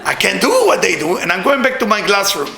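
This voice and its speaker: Casting: middle-aged man, spiritual teacher, laughing storyteller, high gravelly voice, roomy echo. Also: quick pace, a little hiss or hum. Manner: animated, laughing, repeats words. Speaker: Kabbalah teacher. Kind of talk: storytelling class talk.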